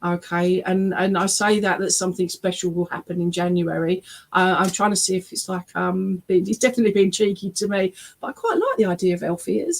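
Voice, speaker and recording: A woman's voice: medium pitch, normal speed. A woman working as a spiritualist medium, giving an online reading over a video call in a chatty, emotional way that often breaks into laughter and tearful exclamations. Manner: chatty, checks in often with "okay?" and "all right?".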